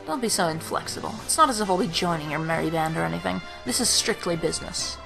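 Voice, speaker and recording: A woman voicing a sly, mercenary male thief who talks quietly and in a businesslike way. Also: on the low side, animated, quick pace, vocal fry, music in the background.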